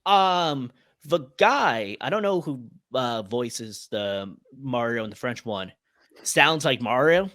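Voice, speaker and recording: A man from Ireland talking in an animated, casual way on a podcast, full of fillers and quick impressions. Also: medium pitch, no echo, studio quality. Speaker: podcast panelist. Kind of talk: casual chat.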